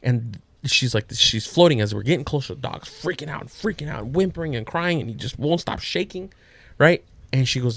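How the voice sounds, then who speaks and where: A man's voice: mid-range voice, lively intonation, fairly quick, vocal fry, a bit bright, dry recording. A man co-hosting a podcast, telling a story in a loose, profane, slangy way. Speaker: podcast co-host. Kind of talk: casual storytelling.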